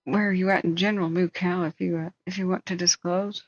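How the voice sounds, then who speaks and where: A tired woman hosting a casual live wildfire-tracking stream, slightly hoarse and thinking aloud while chatting with viewers. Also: fairly low pitch, level tone, brisk, highs cut off. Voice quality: slightly hoarse, clears throat. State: tired after staying up all night. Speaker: wildfire tracking livestream host.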